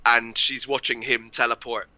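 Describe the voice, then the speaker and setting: A man co-hosting a film podcast over a remote call, chatting in an animated way and quoting characters. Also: mid-range voice, moderate pace, dry recording, lo-fi sound. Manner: animated, laughs, quotes characters. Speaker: podcast co-host. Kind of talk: casual film review chat.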